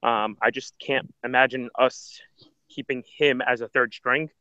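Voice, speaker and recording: A man co-hosting a casual football podcast, weighing in hesitantly with many ums and you-knows. His voice is middle-pitched, and the recording sounds dry and dull, with a lo-fi edge. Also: steady tone, unhurried, pushed and bright, smooth, no echo. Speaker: podcast co-host. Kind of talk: casual chat.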